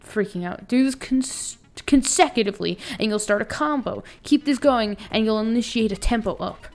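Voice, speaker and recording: A woman's voice: mid-range voice, gravelly. A woman streaming a game live, laughing, swearing and reading the tutorial text aloud. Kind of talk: live let's play commentary.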